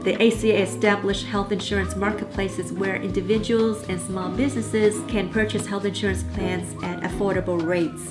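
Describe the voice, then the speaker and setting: A woman reading a scripted explainer in an even, informative tone. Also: medium pitch. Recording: voice over loud background music.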